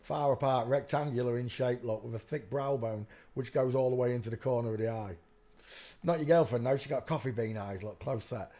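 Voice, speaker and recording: A man's voice: medium pitch, fairly quick, warm tone. Rambling man hosting a live stream. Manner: rambling, keeps saying "look" while pointing at pictures. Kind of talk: casual live stream commentary.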